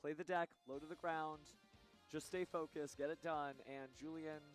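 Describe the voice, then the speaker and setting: A man's voice: on the high side, steady tone, normal speed, soft background music. A man giving upbeat color commentary at a card game tournament. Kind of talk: live esports commentary.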